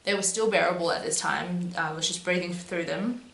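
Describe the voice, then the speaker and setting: A woman's voice: fairly low pitch, normal speed, gravelly, fairly bright tone. A young woman telling a personal story in a casual, chatty way, with lots of "um"s and "but yeah"s. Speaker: vlogger. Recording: echoey room with faint hum.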